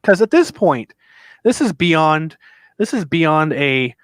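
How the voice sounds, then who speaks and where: A man in the middle of a long story, getting animated and putting on voices for the people in it. He talks loosely and swears freely. The sound is dry and close, with no room echo. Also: on the high side, takes it slowly. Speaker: podcast co-host telling a convention story. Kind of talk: casual storytelling.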